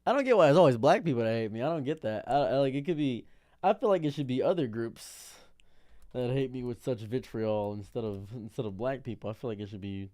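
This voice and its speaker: A man's voice: medium pitch, dark tone, dry recording, clean studio sound. Exasperated rambling man in his thirties. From Detroit. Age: 30s. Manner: rambling, repeats himself, baffled and exasperated. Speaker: streamer. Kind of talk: casual commentary monologue.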